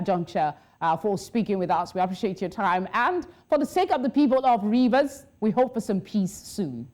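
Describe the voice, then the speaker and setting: A woman anchoring a television newscast, reading the stories in a formal, measured way. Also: mid-range voice, a little mellow. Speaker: news anchor. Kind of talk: scripted news reading. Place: news studio.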